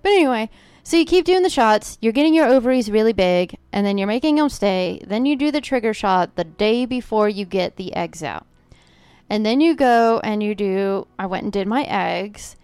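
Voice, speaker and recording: A woman's voice: mid-range voice, lively intonation, normal speed, darkish tone, smooth, dry recording. A woman co-hosting a podcast, telling a personal story in a chatty, casual way with lots of filler words. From Oklahoma. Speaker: podcast co-host. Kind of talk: casual chat.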